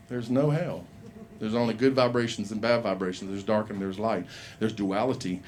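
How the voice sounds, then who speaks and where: A man's voice: fairly low pitch, darkish tone, slight background noise. A middle-aged man doing open mic stand-up, rambling and profane, laughing at his own jokes in a small comedy bar.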